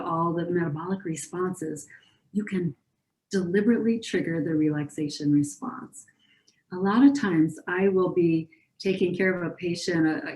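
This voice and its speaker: A woman clinician teaches in an even, reassuring way, acting out the gentle phrases she uses with young patients. Her voice is mellow and sits a little low. The room around her is echoey. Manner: calm, reassuring, models soothing phrases. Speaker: pediatric clinician presenter. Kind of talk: educational talk.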